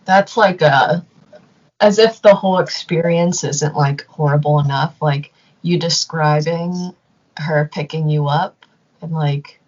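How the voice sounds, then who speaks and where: A woman co-hosts a casual podcast, chiming in with brief supportive remarks. Her voice sits low and she speaks slowly. The recording has a dull, lo-fi sound. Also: a little mellow. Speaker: podcast co-host. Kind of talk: casual chat.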